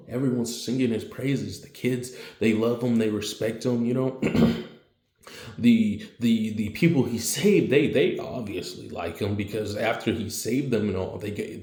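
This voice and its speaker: In an echoey room, a man with a low, dark, mellow voice narrates a homemade fan story. He rambles in loose, slangy language and stumbles through many fillers.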